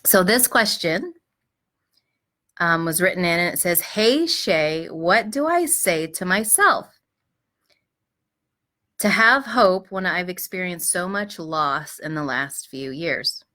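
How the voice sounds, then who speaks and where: Middle-aged woman host, low-pitched yet bright and forceful tone, gentle advice talk with fillers. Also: animated, slow pace, pauses often. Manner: gentle, reflective, frequent fillers and restarts. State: clearing her throat. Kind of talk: live-streamed advice talk.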